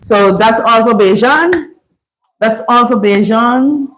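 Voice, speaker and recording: A woman's voice: a little high, takes it slowly, low-quality recording. A woman with a Vincentian accent hosting a casual live chat with viewers, chatty and playful and laughing often. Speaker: live-stream host.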